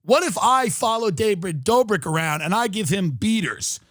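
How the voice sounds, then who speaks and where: A man's voice: sits high, lively intonation, normal speed, fairly bright tone, dry recording, clean studio sound. A man in his thirties hosting a podcast, ranting sarcastically in a mock-outraged comic style, swearing and acting out quotes. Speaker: podcast host. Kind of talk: comedic rant.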